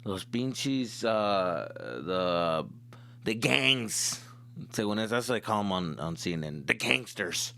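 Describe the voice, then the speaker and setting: Animated profane young comedian. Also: male voice, lowish voice, slow pace, gravelly. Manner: profane, rambling, switches into Spanish slang. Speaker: comedian podcast host. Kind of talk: casual comedic monologue.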